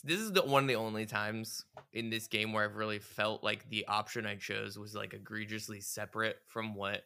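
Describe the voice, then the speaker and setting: A man's voice: on the low side, normal speed, creaky, slight background noise. A man casually recapping a story game with friends, rambling with lots of fillers. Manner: rambling, many fillers, animated retelling. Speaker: podcast co-host discussing a game. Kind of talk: casual chat.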